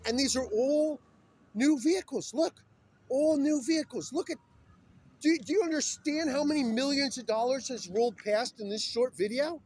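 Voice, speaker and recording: A man's voice: very high-pitched, normal speed, darkish tone. A man talking in an agitated, urgent and rambling way while filming himself on his phone outdoors beside a busy road. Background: passing vehicles.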